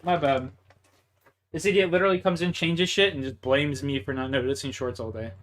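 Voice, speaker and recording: A young man with a Canadian accent talks to his livestream audience between rounds of a game. His voice sits a touch high, and he vents in a frustrated, expletive-laden rant. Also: steady tone, brisk, fairly bright tone. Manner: profane, heated, frustrated ranting. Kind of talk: ranting to livestream chat while gaming.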